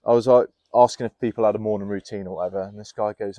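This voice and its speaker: A young man, a fitness coach guest, chatting casually outdoors in a garden on a podcast and telling candid, animated stories. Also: on the low side, rapid-fire, few pauses, no echo. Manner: candid, animated storyteller who laughs easily.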